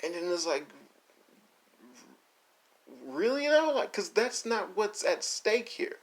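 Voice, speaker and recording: A man in a casual, exasperated rant reviewing an anime, swearing and laughing as he mocks the characters. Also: high-pitched. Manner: mocks characters in quick put-on voices. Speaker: video essay host.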